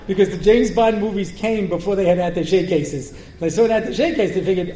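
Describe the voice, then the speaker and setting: A rabbi teaches a Torah class in a high, mellow voice. He tells the story with energy, translates Hebrew verses as he goes, and breaks into jokes. The recording is roomy, with a faint hiss underneath. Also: quick pace, few pauses. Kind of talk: Torah lecture with humorous asides. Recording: roomy lecture-hall recording with faint noise.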